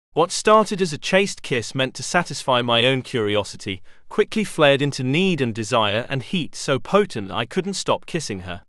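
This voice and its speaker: A man narrating a romance audiobook in first person, giving an expressive scripted reading. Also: mid-range voice, dry recording, clean studio sound.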